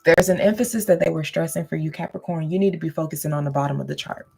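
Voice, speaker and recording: A woman's voice: sits low, fast talker, gravelly, mellow, husky. A woman giving a casual, goofy tarot and astrology reading, laughing often and checking in with listeners. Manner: addresses listeners directly, checking in with "okay?".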